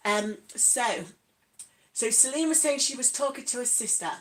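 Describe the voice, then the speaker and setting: Woman, East Midlands accent, high-pitched, chatty, giggly, casual livestream. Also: normal speed, a bit bright. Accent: East Midlands English. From Nottingham, England. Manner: chatty, giggly, reads out viewer comments. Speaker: vlogger.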